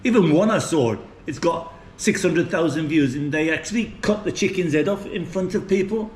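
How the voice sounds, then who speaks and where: Older English man, light West Midlands accent, rambling casual food vlog, slightly high voice, echoey room with faint background hum. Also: animated, moderate pace, darkish tone. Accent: English, West Midlands with a Maltese tinge. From England, West Midlands. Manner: chatty, rambling, chuckling. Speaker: food vlogger.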